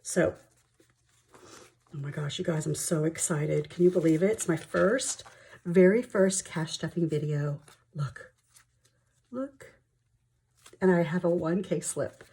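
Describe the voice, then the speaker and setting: A young woman vlogger, chatting excitedly as she counts cash at home. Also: low voice, measured pace, vocal fry. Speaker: budgeting vlogger. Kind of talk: casual chat while counting cash.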